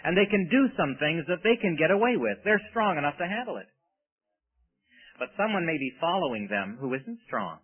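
Male preacher, emphatic sermon with rhetorical questions, a very animated pitch, tinny radio sound. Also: normal speed, breathy edge.

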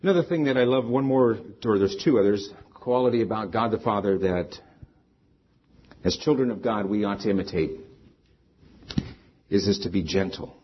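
Husky-voiced man preaching earnestly. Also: lowish voice, moderate pace, pauses often. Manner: earnest, conversational preaching with personal stories. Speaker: pastor. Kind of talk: sermon. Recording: slightly dull lo-fi sound.

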